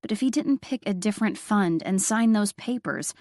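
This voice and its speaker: A woman narrates a first-person story with wry, expressive delivery, at a middling pitch. The recording is dry and close, with no room sound. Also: moderate pace, dry recording. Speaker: audiobook narrator.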